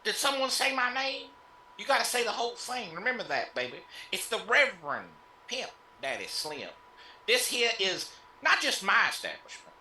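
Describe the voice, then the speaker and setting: A flamboyant pimp who runs the house, as a player puts him on, drawling and smooth, calling everyone baby. The voice swoops up and down with a bright edge. An echoey room rings behind it. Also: mid-range voice, big pitch swings, moderate pace, a little hiss or hum, pitched above the performer's own voice. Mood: boastful. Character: flamboyant male pimp tavern owner.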